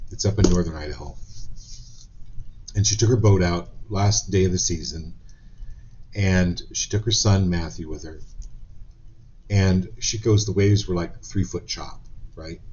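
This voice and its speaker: A man hosting a live-stream card reading, telling a story in an animated, conversational way before he pulls a card. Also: deep voice, highs cut off. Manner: storytelling, animated retelling of quotes. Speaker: psychic reader.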